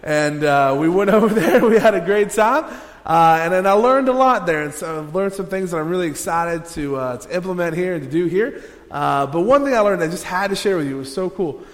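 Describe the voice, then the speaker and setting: A male pastor with a fairly high voice preaches in a relaxed, joking way. He talks straight to his congregation and pulls them into little exercises. His voice rings out with a long echo in a large hall. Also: a little fast. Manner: casual, joking, interactive with congregation. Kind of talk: sermon.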